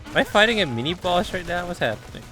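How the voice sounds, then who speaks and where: A man's voice: sits high, sing-song, fast, pushed and bright, faint music behind. A man streaming a game, chatting casually, laughing a lot and repeating the game's lines. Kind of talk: casual gameplay commentary.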